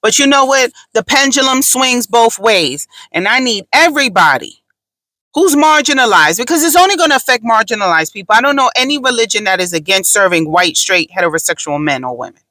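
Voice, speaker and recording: A woman's voice: a little high, lively intonation, brisk, pushed and bright, no room sound, low-quality recording. A woman hosting a podcast, talking in a casual, blunt and profane way, with emphatic storytelling. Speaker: podcast host.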